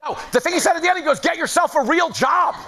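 Comedy host, male, high and very animated, monologue style over a laughing studio crowd. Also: quick pace. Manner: animated, mimics people in voices. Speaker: late-night comedy host. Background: studio audience laughing.

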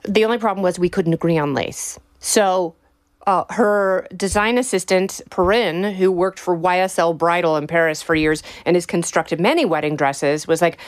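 A young adult woman telling a story in a casual, animated way, often laughing as she talks. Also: medium pitch, unhurried. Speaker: bride telling her wedding story.

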